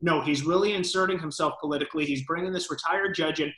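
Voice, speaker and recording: A man's voice: on the high side, quick pace, fairly bright tone, reverberant, rough recording. A man co-hosting a political talk show, giving emphatic, lawyerly commentary.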